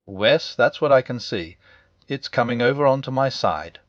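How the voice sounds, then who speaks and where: A man voicing a small, timid male piglet who speaks in a nervous, squeaky rush. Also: expressive, normal speed, dry recording, muffled recording, natural voice. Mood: excited.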